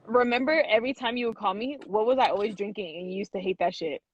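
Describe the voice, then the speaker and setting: Young woman, podcast host, casual, animated, teasing, dull lo-fi audio. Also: medium pitch, fast talker, husky, no room sound. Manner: animated, teasing, laughs often. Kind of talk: casual chat. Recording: dull lo-fi sound.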